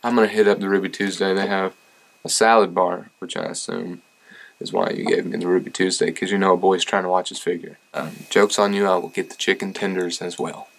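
Young man, casual fan-mail unboxing, self-deprecating jokes, lowish voice. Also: level tone, fairly quick, creaky, low-quality recording. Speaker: singer and vlogger.

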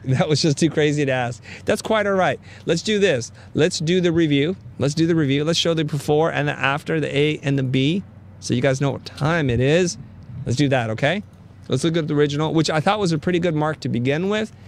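A man's voice: on the high side, slight background noise. Upbeat joking male show host. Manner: upbeat and joking, teasing his guests. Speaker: host of a design critique show. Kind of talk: casual live-stream hosting.

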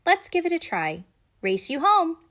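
A woman voicing a bossy, excitable young girl in a storybook read-aloud. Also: very high-pitched, measured pace, pitched above the performer's own voice, full character voice. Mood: eager. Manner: eager, commanding.

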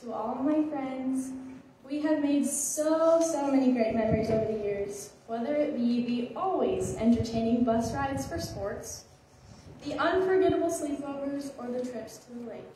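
A teenage girl delivers an earnest, slightly nervous graduation speech. Her fairly high, mellow voice is picked up from a distance in a very echoey hall, with faint room noise behind. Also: normal speed. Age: late teens. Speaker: graduating student. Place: school ceremony hall.

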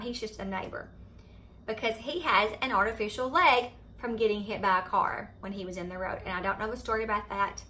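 A middle-aged woman with a Southern US accent telling a story to her viewers in a chatty, animated way. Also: on the high side, moderate pace. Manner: chatty, animated retelling of a scary event. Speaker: vlogger. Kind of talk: casual storytelling to camera. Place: home, indoors.

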